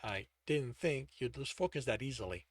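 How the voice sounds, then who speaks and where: A man voicing a calm, patient male mentor who speaks quietly and low. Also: moderate pace, husky, dry recording.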